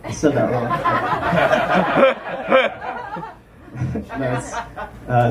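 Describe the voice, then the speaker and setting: A man's voice: mid-range voice, very animated, slow pace, long pauses. A young man doing a rambling, self-deprecating stand-up set at a small club. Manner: rambling self-deprecating jokes with frequent ums. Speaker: stand-up comedian. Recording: distant mic with room noise.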